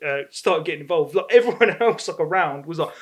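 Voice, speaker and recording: A man telling a story to friends on a podcast, animated and laughing through it. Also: a little high, fairly quick. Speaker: podcast co-host. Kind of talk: casual storytelling.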